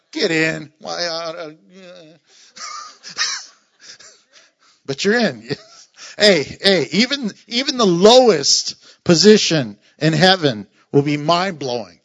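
Bright high-voiced joking pastor. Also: male voice, dull audio. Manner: playful, joking asides and chuckles. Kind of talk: sermon.

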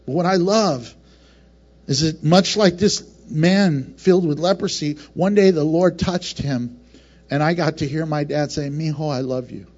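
Passionate high-voiced preaching man. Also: measured pace, a little mellow, breathy edge, lo-fi sound. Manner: passionate, varied delivery with laughs and acted asides. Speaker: pastor. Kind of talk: sermon.

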